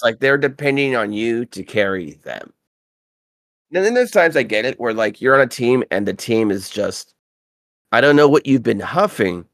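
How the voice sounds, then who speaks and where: A man co-hosting a casual podcast, telling rambling, profane gaming stories and getting animated when he quotes people. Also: mid-range voice, gravelly, no room sound. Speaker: podcast co-host.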